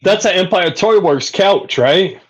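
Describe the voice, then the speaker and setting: Man, fairly high, dry quips, muffled call sound. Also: lively intonation, measured pace. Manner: dry, wisecracking. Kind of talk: casual chat on a call.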